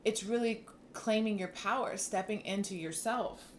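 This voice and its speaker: A woman gives a loose, unscripted tarot reading, leaning hard on repeated words and the odd swear word. Her voice sits at an ordinary middle pitch. A faint hum of ambient noise is heard behind her. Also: moderate pace. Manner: animated and emphatic, with repeated words and casual swearing; laughs and sighs between thoughts. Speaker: tarot reader. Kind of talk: casual tarot reading to camera.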